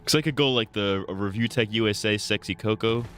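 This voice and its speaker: A man's voice: lowish voice, brisk, a bit bright, faint music behind. A man streaming a game with casual, rambling commentary, crude and laughing at his own jokes.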